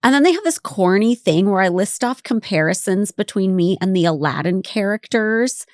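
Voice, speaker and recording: A woman's voice: medium pitch, lively intonation, moderate pace, a little mellow, dry recording, studio quality. Wry, candid woman podcast co-host. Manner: candid, wry, quotes others in voices. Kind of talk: casual podcast rewatch chat.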